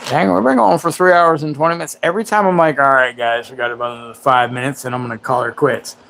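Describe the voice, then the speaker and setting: A man's voice: medium pitch, fairly even intonation, fast, gravelly, fairly bright tone, slight background noise. Crude, joking man in his forties. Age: 40s. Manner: crude, joking, self-mocking. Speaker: livestream host. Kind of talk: rambling casual livestream chat.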